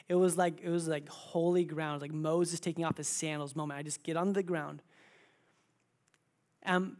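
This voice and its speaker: A man in his thirties preaching a sermon as pastor, moving between quiet, intimate asides and loud, emphatic exclamations. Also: fairly high pitch. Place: church.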